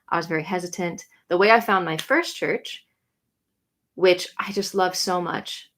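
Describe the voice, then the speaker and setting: A young woman chatting casually on a livestream, answering comments with lots of "like" and quick, bright greetings. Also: lowish voice. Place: home room.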